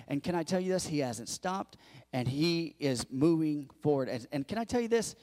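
Male pastor, high-pitched, animated storyteller at the pulpit. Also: moderate pace, big-room sound. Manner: storytelling, animated, acts out quotes. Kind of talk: sermon.

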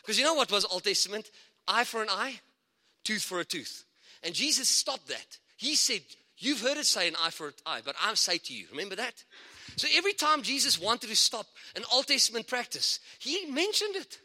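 A man preaching a lively sermon as a guest speaker, excitable and chatty, with asides and laughter between points. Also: sits high, normal speed. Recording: long hall reverb.

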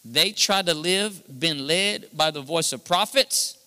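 A man preaching a sermon into a handheld microphone, lively, swinging from near-shouts to hushed tones. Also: a little high, unhurried, clean tone. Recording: live in a reverberant hall.

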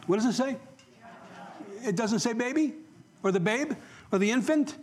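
A male pastor delivers a sermon in a church, talking to the congregation and often quizzing them. His voice sits high with a husky grain, and he moves between loud, animated questions and quiet asides. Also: moderate pace, long pauses. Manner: conversational, asks the congregation questions, jokes.

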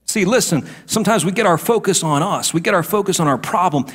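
A middle-aged male pastor preaching a sermon, moving between hushed asides and emphatic declarations. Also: high-pitched, quick pace, husky.

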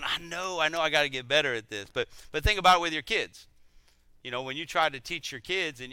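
A middle-aged man teaches a sermon in a relaxed, conversational way, poking fun at himself and stumbling over repeated words. His voice is very bright and smooth, sitting a little high for a man. The sound is close and dry. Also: no room sound. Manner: conversational, animated, self-deprecating, repeats words.

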